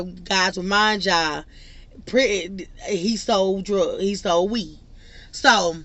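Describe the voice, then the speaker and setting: Young female vlogger, lively storyteller, bright and forceful tone, casual chat. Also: medium pitch, no room sound. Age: young adult. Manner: animated, laughing storyteller. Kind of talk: storytime vlog.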